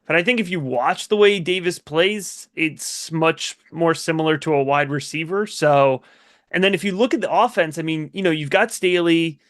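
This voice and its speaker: Higher-voiced man, casual draft guest. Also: fairly bright tone. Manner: casual, laughs easily, quick asides. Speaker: guest co-host. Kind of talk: live-streamed fantasy draft chat.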